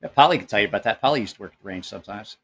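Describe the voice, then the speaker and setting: A man's voice: lowish voice, animated, rapid-fire, a bit bright. Rambling, profane man chatting live. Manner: rambling storyteller who swears freely. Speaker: knife channel host. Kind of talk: casual live-stream chat, reading comments.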